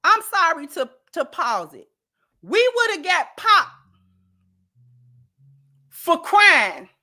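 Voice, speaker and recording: A woman hosts a casual commentary show and addresses her viewers directly. She is animated and emphatic and leans on slang. Her voice is very high and bright, with a sharp edge. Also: slow pace. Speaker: commentary channel host.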